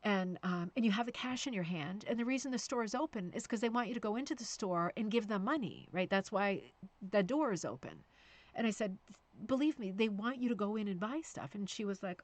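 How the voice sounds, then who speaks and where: A woman's voice: mid-range voice, lively intonation, brisk. A middle-aged woman hosting a casual live-stream chat about rug hooking, chatty and self-deprecating, with frequent fillers and restarts.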